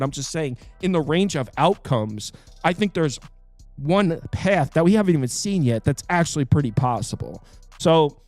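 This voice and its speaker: A man hosting a sports betting picks show, talking casually and quickly, full of fillers and quick asides. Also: fairly high pitch, dry recording. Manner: animated, quick, with fillers and self-interrupting asides.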